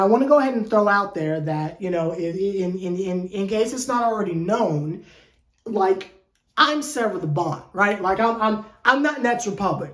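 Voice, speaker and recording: A channel host giving a casual fan commentary rant to camera, joking and slangy, tripping into repeated words and restarts. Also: medium pitch. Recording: roomy echo.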